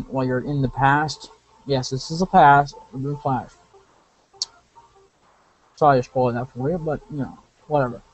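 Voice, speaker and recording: A man's voice: medium pitch, low-quality recording. A man giving casual, rambling gameplay commentary, correcting himself and drifting into asides. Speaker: let's play commentator.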